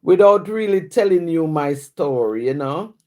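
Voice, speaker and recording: A woman's voice: deep voice, measured pace. A woman from Jamaica with a Jamaican accent, a writer reciting her own rhyming poems in a rhythmic patois cadence and chatting casually with viewers on a live stream. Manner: rhythmic rhyming recitation in patois, then relaxed chat with fillers. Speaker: writer and poet.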